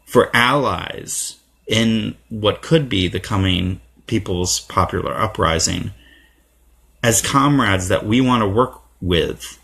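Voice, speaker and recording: A man's voice: fairly low pitch, takes it slowly, gravelly, fairly bright tone, husky. A man giving an impassioned, profane political monologue to his viewers, getting irate, with many fillers and repetitions. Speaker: video blogger.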